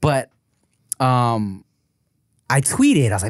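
A man's voice: a little high, animated, measured pace, no echo, studio quality. A male podcast co-host in casual chat, rambling with lots of fillers and giggles.

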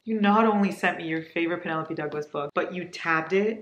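A young woman vlogging as she opens book mail, gushing and excitable in a casual chat. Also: lowish voice, fast talker, hardly any pauses. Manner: gushing, excitable, breathless with delight. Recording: echoey room with faint noise.

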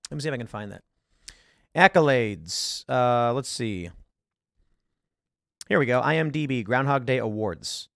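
Man, show host, casual rambling commentary, lively swooping voice, dry close sound. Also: medium pitch, measured pace, vocal fry, pauses often, no echo. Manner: rambling, searching online mid-talk, acts out quotes. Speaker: podcast host.

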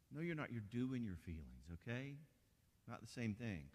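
A man leading a marriage conference session, folksy and animated, acting out quoted spouses. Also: medium pitch, normal speed. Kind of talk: conference sermon. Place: church auditorium. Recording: long hall reverb.

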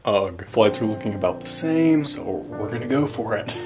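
A man's voice: fairly low pitch, animated, normal speed. A young man chatting casually to his camera at home, rambling with self-mocking asides while he packs. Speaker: vlogger. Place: at home indoors while packing. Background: background music.

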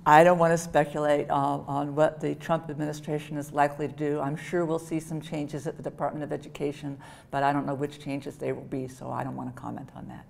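A woman speaking as a law professor on a conference panel, measured and dry. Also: low voice, level tone, gravelly, a little mellow. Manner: measured, dry, with small laughs. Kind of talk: panel discussion answer. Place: conference hall.

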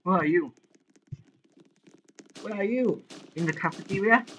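A man hosting a live game commentary, excitable and often shouting as he plays. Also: high-pitched, unhurried, slight background noise, rough recording. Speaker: gaming channel host.

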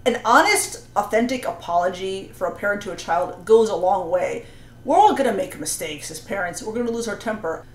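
A woman's voice: mid-range voice, expressive, a little fast. A woman giving parenting advice to camera, explaining earnestly with many "you know"s and "right?"s. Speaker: parenting coach and astrologer. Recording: roomy echo.

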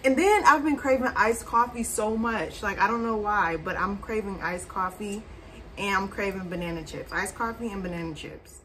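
A young woman vlogging casually to camera at home, rambling and excitable, recorded on a camera mic. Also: mid-range voice. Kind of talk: casual vlog chat to camera.

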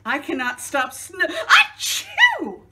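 A woman voicing a fretful, dramatic male elephant who stammers and sneezes loudly. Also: fairly high pitch, very animated, drawn-out words, slight background noise, heavily acted. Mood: worried. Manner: stammering before loud sneezes.

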